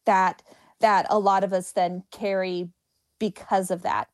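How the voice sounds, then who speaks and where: A woman comedian who stutters, talking openly and jokily in an interview. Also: medium pitch. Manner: stutters, quick and animated, jokey. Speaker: guest comedian. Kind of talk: conversational interview.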